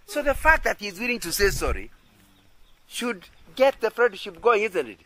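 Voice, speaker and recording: A man's voice: high-pitched, sing-song, normal speed, a bit bright, slight background noise, low-quality recording. A man teaching in a sermon style who keeps checking that listeners agree and often repeats and restarts his phrases. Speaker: Christian teacher.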